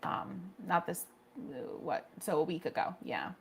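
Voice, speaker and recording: A woman's voice: on the low side, very animated, measured pace, vocal fry, a little hiss or hum. A woman hosting a casual painting livestream, chatting with viewers and reacting to their comments, often restarting her sentences.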